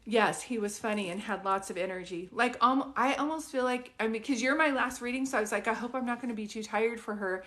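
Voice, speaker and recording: A woman's voice: a little high, brisk, few pauses, a bit bright. A woman giving a casual live psychic reading from home. She talks in a chatty, rambling way full of fillers and restarts. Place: at home with a dog nearby.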